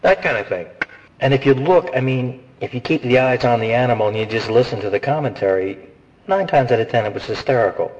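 A man giving casual, animated, rambling advice on voice acting, slipping into quick character voices. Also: mid-range voice, muffled recording, a little hiss or hum. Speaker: voice acting instructor. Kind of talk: casual instructional talk.

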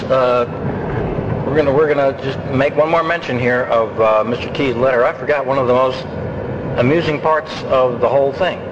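A man's voice: mid-range voice, moderate pace. A man hosting a podcast in a chatty, self-deprecating, rambling way, recorded outdoors. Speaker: podcast host. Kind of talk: casual rambling monologue. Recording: dull lo-fi sound with street noise.

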